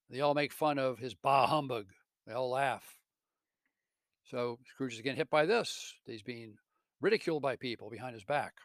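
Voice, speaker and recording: Male teacher type, earnest story retelling, mid pitch, dry close mic. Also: no room sound. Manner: earnest, with self-corrections.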